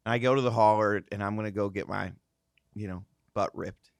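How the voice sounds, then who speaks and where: Man telling a lively racing story. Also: lowish voice, a little fast, vocal fry, dry recording. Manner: animated anecdote-telling with quoted voices. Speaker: guest host, former racing driver. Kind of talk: casual storytelling.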